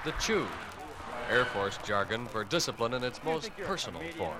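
A man giving measured, wry scripted narration for a documentary. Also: medium pitch, very animated, over a noisy crowd. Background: music.

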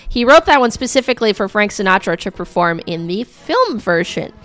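A woman's voice: medium pitch, very animated, fairly quick, a bit bright. A woman radio host with a scratchy, coughing voice, back-announcing songs in a rambling, chatty way full of fillers.

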